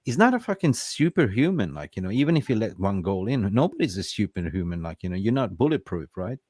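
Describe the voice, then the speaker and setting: A man hosting a casual football talk show, excitable and blunt, swearing freely and tagging his points with "right?". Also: fairly low pitch, fast talker, breathy edge, dry recording, studio quality. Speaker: podcast host.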